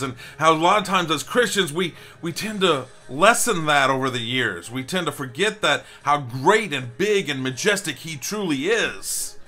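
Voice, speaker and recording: Male pastor, earnest devotional delivery, forceful bright tone. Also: on the high side. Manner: earnest, building to emphatic repetition. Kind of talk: short video devotional.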